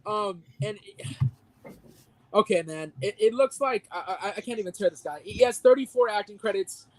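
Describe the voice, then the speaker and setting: A man's voice: high voice, moderate pace, no echo, rough recording. Heated, profane man ranting. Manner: profane, heated mock rant. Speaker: podcast co-host. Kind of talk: casual podcast chat.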